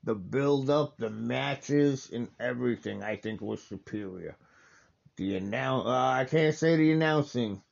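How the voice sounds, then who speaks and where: A man hosts a casual watch-along and talks through the matches, rambling and enthusiastic, often circling back with fillers and restarts. His voice has a gravelly, fry-laden texture, and the recording sounds a little dull and lo-fi. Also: medium pitch, unhurried.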